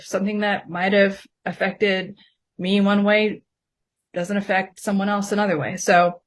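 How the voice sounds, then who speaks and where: A woman guest on a podcast, candidly telling her personal story and acting out her past self in mocking quoted asides. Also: mid-range voice.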